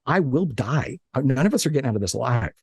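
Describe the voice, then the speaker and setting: A man in his late thirties from Alabama, a guest telling animated, joking stories from his office with frequent restarts. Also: mid-range voice, quick pace, creaky, breathy edge, dry recording, clean studio sound. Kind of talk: casual interview chat.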